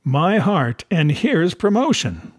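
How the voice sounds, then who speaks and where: A man's voice: on the high side, very animated, takes it slowly, breathy edge, no echo, pitched above the performer's own voice, full character voice. A man reading aloud puts on a stern sea captain who barks short, clipped orders in a voice lifted above his own. The sound is dry and close, with no room around it. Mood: scornful. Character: stern male ship's captain, curt and commanding.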